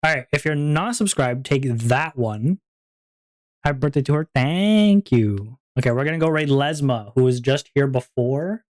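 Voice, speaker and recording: A streamer ending a casual live stream, rambling with many fillers and plenty of giggling. The voice sits at a middle pitch, and the talk stays loose and unscripted. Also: expressive, moderate pace, darkish tone.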